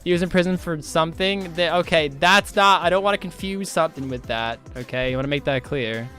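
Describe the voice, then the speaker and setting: A man's voice: fairly high pitch, fairly quick, bright, forceful tone, soft background music. A young man in his twenties on a casual game stream, loose and profane, reading viewers' chat aloud and riffing on it. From United States.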